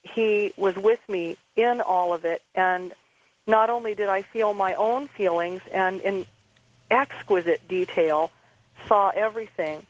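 A woman interview guest calmly recounting a personal experience, halting and repeating words as she goes. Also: medium pitch, dull audio.

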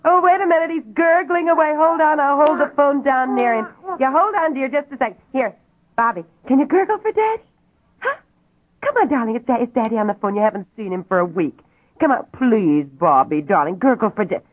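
A woman's voice: high voice, lively intonation, brisk. An actress playing a chatty, doting young wife and mother talking on the phone, in 1950s radio acting style. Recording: tinny old radio broadcast recording.

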